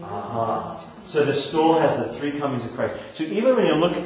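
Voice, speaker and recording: An animated male pastor with a fairly high voice gives a conversational teaching sermon, posing questions and answering them himself. He swings between emphatic and quiet. His voice rings through a very echoey church. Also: normal speed.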